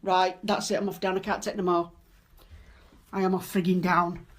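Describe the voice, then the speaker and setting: A frightened woman, filming herself alone in a dark house at night, pleading and swearing under her breath. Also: on the low side, flat delivery, normal speed. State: scared. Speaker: cleaner alone in a supposedly haunted house. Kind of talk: filming herself, talking to viewers and to a ghost.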